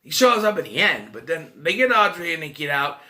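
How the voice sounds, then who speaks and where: A man casually recapping a film plot in a rambling, animated way, acting out his own reactions. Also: fairly high pitch, a little fast. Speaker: movie reviewer.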